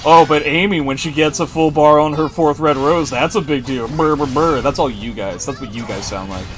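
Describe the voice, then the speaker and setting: Excitable male stream commentator. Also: fairly high pitch, faint music behind. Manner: excitable, joking, quick to react. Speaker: esports commentator and stream host. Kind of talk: live fighting game commentary.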